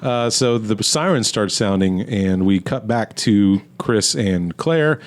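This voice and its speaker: A man's voice: on the low side, expressive, slow pace. A man co-hosting a movie podcast in casual chat, recapping the plot matter-of-factly with dry humor. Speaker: podcast co-host.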